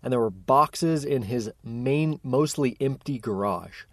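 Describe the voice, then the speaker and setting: Man, from Central Oregon, chatty storyteller, middle pitch, dry close sound. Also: takes it slowly, no echo. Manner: chatty, personable, lively retelling. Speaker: paraglide pilot vlogger. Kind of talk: casual storytelling to camera.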